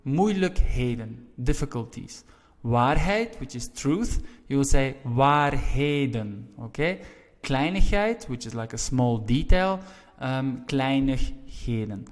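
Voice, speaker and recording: A man's voice: lively intonation, slow. A man teaching a language lesson on video, explaining rules step by step, checking in with the viewer, and punching key words with sudden emphasis. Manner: stresses key words with sudden lifts in pitch and volume. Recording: long reverberant room echo.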